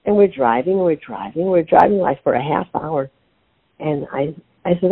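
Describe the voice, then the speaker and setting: An older woman, an author and interview guest, telling a family story with lively acted-out dialogue. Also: low voice, normal speed, husky. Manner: animated storyteller acting out her own quotes. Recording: tinny phone line.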